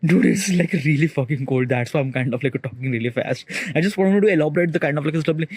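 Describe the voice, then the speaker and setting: A man's voice: on the high side, a little mellow, slightly rough, dry recording. Rambling man full of fillers. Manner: rambling, heavy filler use; talks fast, chides himself to slow down. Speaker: vlogger. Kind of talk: rambling solo monologue. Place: rooftop outdoors in cold morning.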